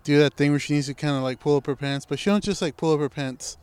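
A man's voice: on the high side, fast, darkish tone, smooth, no room sound. A man co-hosting a podcast, talking in a laid-back, slangy and rambling way. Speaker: podcast co-host. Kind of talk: casual podcast chat.

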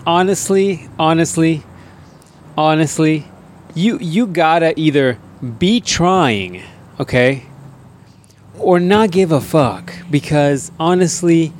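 A man's voice: a little high, slow, a little hiss or hum. Crude joking podcast guy. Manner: crude, joking, animated riffing. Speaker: podcast co-host. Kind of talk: casual podcast banter.

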